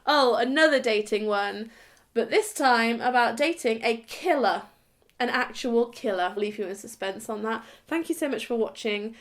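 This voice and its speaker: A woman's voice: fairly high pitch, moderate pace. A young adult woman vlogger from England telling a story to camera in a casual, giggly, self-mocking way.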